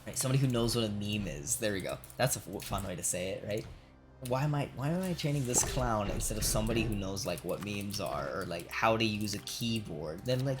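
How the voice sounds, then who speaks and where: A man's voice: lowish voice, animated, quick pace, faint music behind. A male streamer venting about work while playing a game, swearing a lot and tagging sentences with "right?". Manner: profane ranting, constant "right?".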